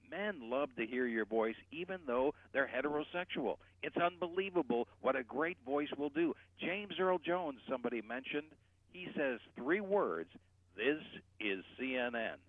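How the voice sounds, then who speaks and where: A man explaining voice technique as a guest voice coach, animated and shifting his loudness to demonstrate. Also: mid-range voice, no room sound. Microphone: telephone. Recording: tinny phone line.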